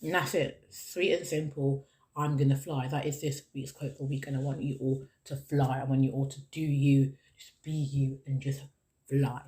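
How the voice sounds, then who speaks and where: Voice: medium pitch, little pitch movement, normal speed, dark tone. Earnest, encouraging solo podcast host. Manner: earnest and encouraging, repeats key phrases.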